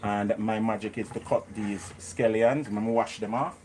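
A man's voice: on the low side, fairly even intonation, normal speed, darkish tone, slight background noise. A man with a Jamaican accent hosting a live cooking stream from a home kitchen, chatting and greeting viewers by name. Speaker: cooking show host.

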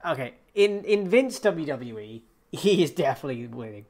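Man, casual podcast banter, rambling and sweary, lively pitch. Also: moderate pace. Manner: laid-back, rambling, sweary. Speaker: podcast co-host.

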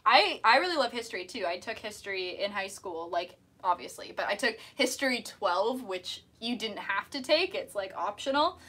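Young woman, mermaid streamer, bright tense tone, chatty, giggly, casual stream talk. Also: medium pitch, lively intonation, normal speed, hardly any pauses, breathy edge. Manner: chatty and giggly, answering chat while painting nails. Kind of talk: casual live-stream chat.

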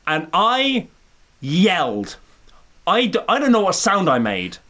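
Brief: male video essayist, high-pitched, rambling, excitable, bursts into shouting. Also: takes it slowly. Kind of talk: comedic film review rant.

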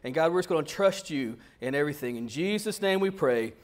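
A man pastor giving a sermon in an animated, conversational storytelling manner. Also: on the high side, a little fast.

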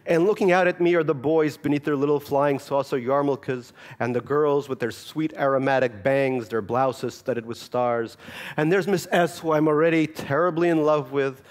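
A man's voice: medium pitch, steady tone, normal speed. A Russian-born man with Russian as his first language, an author reading from his memoir and then chatting about it with dry, self-mocking humor.

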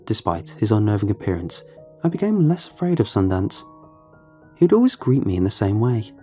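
A man giving a measured, somber scripted horror narration. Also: lowish voice, very animated, dark tone, faint music behind.

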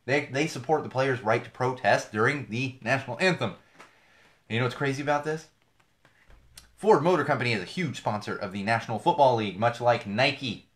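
A man's voice: mid-range voice, brisk. A man hosting a podcast, talking through the news in a casual, sarcastic way with many fillers and restarts. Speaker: podcast host. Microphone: podcast microphone.

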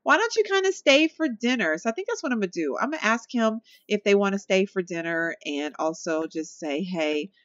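A young woman talks her viewers through a life-sim game in a loose, chatty way, with a lively voice that leaps up when something delights her. The sound is close and dry, with slightly dull, muffled highs. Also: fairly quick, few pauses, no echo. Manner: chatty, animated, talks to viewers as y'all, laughs often. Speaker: gameplay commentator. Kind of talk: casual let's-play commentary.

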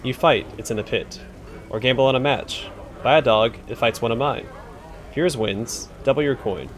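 A man's voice: mid-range voice, normal speed, lightly acted. A man reading out a rude, dismissive fighting-pit boss from a fantasy game. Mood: gruff. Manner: surly, dismissive.

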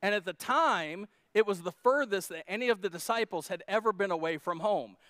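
A man's voice: high voice, brisk, a bit bright, no room sound, studio quality. A male pastor preaching a sermon at a church service in a joking, conversational way.

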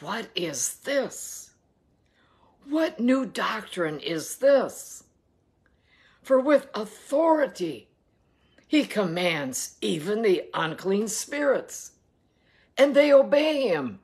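A woman's voice: mid-range voice, very animated, extremely slow, pauses often, darkish tone, voice pushed up, full character voice. A woman reading aloud the amazed questions of a crowd in a synagogue. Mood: astonished. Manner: astonished, questioning.

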